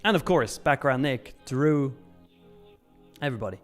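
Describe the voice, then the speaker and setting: A man's voice: medium pitch, animated, normal speed, faint music behind. A young Swiss man casually hosting a live trading stream, chatting, reading out chat messages and laughing often. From Switzerland.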